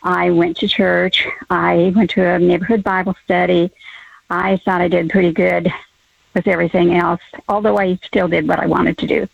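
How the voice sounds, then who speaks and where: An older woman calling in to a radio talk show, telling a personal story hesitantly with many pauses and soft laughs. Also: on the low side, little pitch movement, creaky, no echo. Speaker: caller. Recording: muffled phone line.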